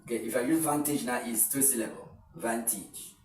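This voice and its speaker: Man teaching from a distant mic. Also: medium pitch. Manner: repeats words slowly, with frequent hesitant fillers. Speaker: English teacher. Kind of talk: exam-prep pronunciation lesson. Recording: roomy sound from a distant mic with faint noise.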